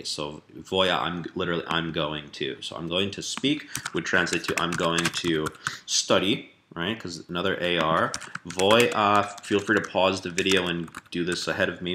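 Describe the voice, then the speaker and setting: Low-voiced guy teaching a lesson, laid back, lots of uhs and restarts, faint clicky typing behind. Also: background noise. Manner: relaxed and explanatory, with fillers and rephrasing. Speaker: language teacher. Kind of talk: casual spoken lesson.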